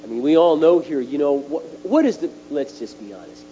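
A middle-aged man preaches at a retreat in a lively, emphatic sermon voice, jumping up on the words he wants to land. His tone is mellow and sits a little high for a man. The recording is dull and lo-fi, with a faint electrical hum underneath. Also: a little fast. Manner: animated and emphatic, pitch jumping on key words. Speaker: speaker at a retreat.

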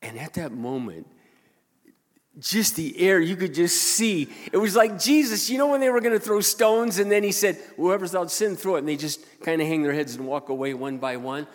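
A male pastor telling a personal story in a sermon, animated, swinging between loud and hushed. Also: on the high side, moderate pace, in a large hall.

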